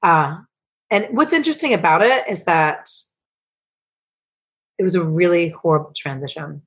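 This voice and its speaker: A middle-aged woman, a coach and founder, telling personal stories as a podcast guest, emotional and swearing freely as she rambles with quick restarts. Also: on the low side, fairly bright tone, slightly rough. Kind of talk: candid storytelling interview.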